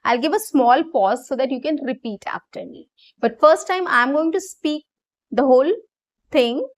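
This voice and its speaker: A woman's voice: sits high, expressive, normal speed. A young woman, an English communication coach, explaining a practice technique, often checking in with "right?" and "okay". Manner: explanatory, repeats key phrases with frequent "right?" and "okay". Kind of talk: online English lesson.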